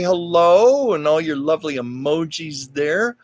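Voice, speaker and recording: A man's voice: medium pitch, normal speed, a bit bright. A man hosting a live stream, telling stories in a chatty, rambling way and reading out viewer comments. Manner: chatty, rambling, with frequent fillers and asides.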